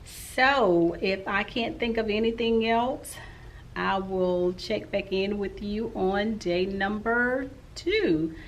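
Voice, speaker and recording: A woman's voice: mid-range voice, slow pace, rough recording. Teacher lady in her 40s chatting about her day, kinda all over the place, slight hiss behind her. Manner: rambling and talkative. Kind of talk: casual vlog recap.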